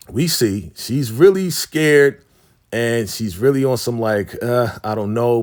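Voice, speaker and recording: A man talks through a TV episode in loose, slangy recap style. He laughs often and slips into quick impressions of the characters as he goes. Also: sits low, a little mellow. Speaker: recap host.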